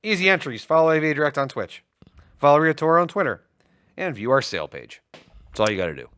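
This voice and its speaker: Animated joking male stream co-host. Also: a little high, clean tone, no room sound, studio quality. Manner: joking, animated, reads promos quickly. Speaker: livestream co-host. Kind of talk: casual tech chat.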